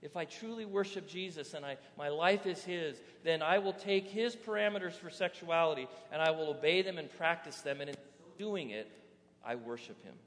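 A male pastor delivers a sermon with animated energy, leaning on rhetorical questions to the congregation. His voice sits a little on the high side. The sound carries a long reverb, as if recorded in a large church hall. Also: moderate pace.

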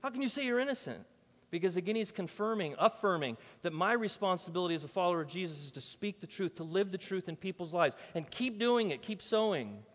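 Emphatic pastor, slightly high voice. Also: male voice, expressive, quick pace, hardly any pauses, big-room sound. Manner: emphatic and conversational, swinging between loud and soft. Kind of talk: sermon. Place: church.

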